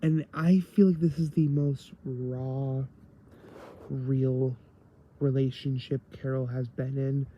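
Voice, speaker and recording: A man's voice: mid-range voice, flat delivery, slow pace, dull audio, slight background noise. A man giving a rambling casual review of a TV episode, tired late at night and full of fillers.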